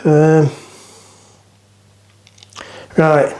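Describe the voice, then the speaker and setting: A man's voice: fairly high pitch, completely flat delivery, extremely slow, a little mellow, a little hiss or hum. A man rambling through a casual cooking vlog in his home kitchen, jokey and chatty as he cooks. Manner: rambling, jokey, talks to himself while cooking. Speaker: cooking vlogger.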